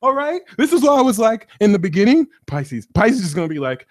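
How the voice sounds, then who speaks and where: A man hosting a live astrology Q&A stream, talking in a theatrical, excitable, jokey way. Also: high voice, brisk, hardly any pauses.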